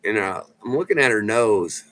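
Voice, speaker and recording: A man's voice: lowish voice, expressive, fairly bright tone, poor audio. A middle-aged man, talking in a loose, profane, rambling way as he tells stories, calling people "man" again and again. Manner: loose and profane, drawn-out storytelling with lots of "man". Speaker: vlogger. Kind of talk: casual rambling chat.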